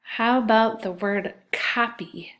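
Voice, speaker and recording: Slow, patient woman teaching phonics. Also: fairly high pitch, a bit bright, slight background noise. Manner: slow, patient, sounding out letters. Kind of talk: phonics lesson for children.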